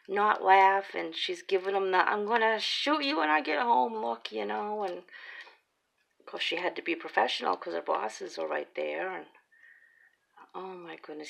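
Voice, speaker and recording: A middle-aged woman chatting and telling family stories while crafting, laughing often and dropping into breathy whispered asides. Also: fairly low pitch, a bit bright, poor audio. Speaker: craft vlogger. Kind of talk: casual storytelling while crafting.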